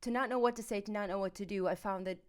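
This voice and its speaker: Female podcast host, smooth clear voice, halting and empathetic, mid pitch. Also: steady tone. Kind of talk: conversational interview.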